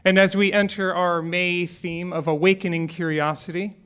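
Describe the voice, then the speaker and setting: Guy preaching a sunday sermon, kinda high voice, chatty and joking a bit. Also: flat delivery, moderate pace, fairly bright tone, clean tone. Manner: conversational, with light humor. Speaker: minister. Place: church sanctuary.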